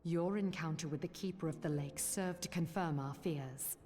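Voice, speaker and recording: A woman's voice: deep voice, normal speed, dark tone, soft background music, natural voice. An actress playing a stern, formal female knight commander in a fantasy game, speaking composed, archaic lines. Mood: resolute.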